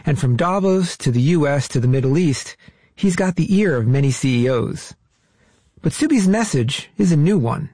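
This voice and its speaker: Man from the east coast, host narrating, animated delivery, husky tone, dry close mic, faint music under. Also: a little high, normal speed, no room sound. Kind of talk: radio-style interview narration.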